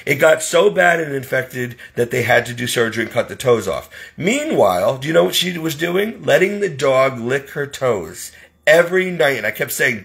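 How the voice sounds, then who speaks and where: Exasperated man with a gravelly voice. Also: medium pitch, lively intonation, normal speed, fairly bright tone. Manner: exasperated, indignant. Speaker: caregiver. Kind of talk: ranting monologue.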